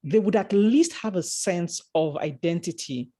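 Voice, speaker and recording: A woman's voice: on the low side, animated, unhurried, mellow, slightly rough. A woman from Nigeria with a Nigerian accent, speaking earnestly on a panel call and advising parents, with frequent restarts. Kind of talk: community panel discussion.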